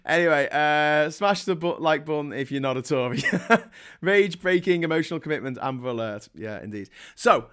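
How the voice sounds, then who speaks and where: A man's voice: on the high side, animated, fairly quick, few pauses, a bit bright, clean tone. A middle-aged man with a Liverpool accent, hosting a casual livestream, sarcastic and full of swearing as he rants and reads out chat messages. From England. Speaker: livestream host.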